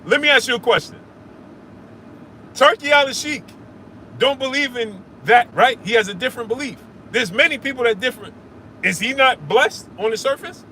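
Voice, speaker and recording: A man's voice: extremely high pitch, animated, moderate pace, pushed and bright, slight background noise. A man hosting a casual live stream, arguing with viewers in the chat, repeating himself and calling them brother. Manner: argumentative, repeats himself, calls listeners brother. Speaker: sports show host answering live chat.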